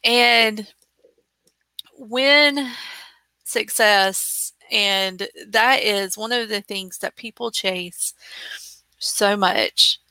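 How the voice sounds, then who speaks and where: Bright-voiced woman speaking slowly. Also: medium pitch, clear, resonant tone, no echo. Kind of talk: conversational chat.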